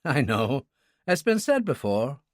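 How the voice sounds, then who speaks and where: A man's voice: mid-range voice, big pitch swings, unhurried, no echo, clean studio sound. A man voicing a wry, mocking man, in an audiobook.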